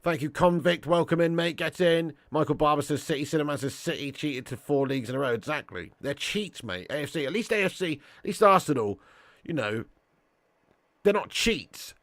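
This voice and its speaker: A man hosting a live football watch-along, giving commentary and reading out chat in an excitable, slangy way with indignant outbursts. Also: a little high, normal speed, no room sound. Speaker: match watch-along host.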